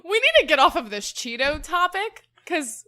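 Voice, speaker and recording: Young woman, podcast co-host, teasing, bright tone, lively pitch. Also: normal speed. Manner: joking, teasing. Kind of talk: casual chat.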